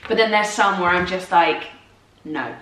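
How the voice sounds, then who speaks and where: In a casual morning chat, a woman co-host who performs in musical theatre talks about her acting work, talkative and self-deprecating. Her lowish, fairly bright voice moves briskly with fairly even intonation. She's far from the mic, so the recording sounds roomy.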